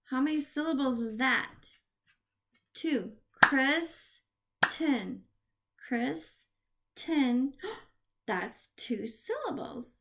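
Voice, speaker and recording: A woman teaches young children in a very slow, drawn-out way, stretching each word. Her voice sits fairly high and she punctuates it with excited little gasps. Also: noisy background. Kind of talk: early literacy lesson for young children.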